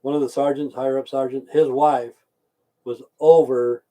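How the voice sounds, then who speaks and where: An older man from the United States rambling and cursing as he chats with his livestream viewers, swinging between loud bursts and mumbles. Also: medium pitch, flat delivery, moderate pace. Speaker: livestream host chatting with viewers. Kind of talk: rambling casual livestream rant.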